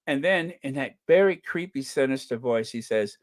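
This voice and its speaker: A man hosting a casual livestream, chatting about news in a sarcastic, gossipy, animated way and laughing often. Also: medium pitch, moderate pace, few pauses. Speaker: livestream host.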